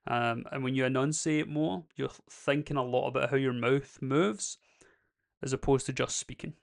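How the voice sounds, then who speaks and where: A man's voice: medium pitch, fairly even intonation, moderate pace, vocal fry. A young man with a Scottish accent, talking candidly and a bit ramblingly in a casual vlog. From Scotland. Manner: candid, rambling and self-deprecating. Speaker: YouTube creator.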